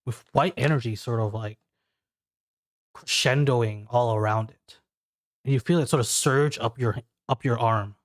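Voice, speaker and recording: A man narrating as a game master in a descriptive, halting way, full of fillers. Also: medium pitch, no room sound, clean studio sound.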